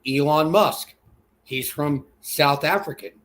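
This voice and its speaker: A man co-hosting a casual political chat, rambling and halting with many fillers and restarts. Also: a little high, a bit bright. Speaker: podcast co-host.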